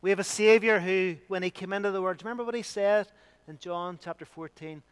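A man preaching a sermon with emphatic delivery, rising loud and dropping to a hush. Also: high-pitched, steady tone, quick pace, smooth.

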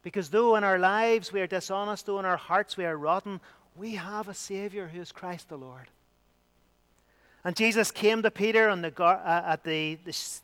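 A man preaching a sermon with emphatic delivery, rising loud and dropping to a hush. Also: sits high, smooth.

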